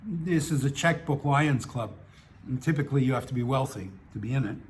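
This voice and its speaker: A man's voice: medium pitch, brisk. A man reading his own personal essay aloud, in a wry, dryly humorous way. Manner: wry, dry humour with small laughs.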